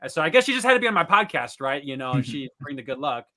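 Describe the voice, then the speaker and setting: A man hosting a casual podcast recap over a video call, talking in an animated way with lots of fillers and restarts. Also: on the high side, fast. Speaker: podcast host.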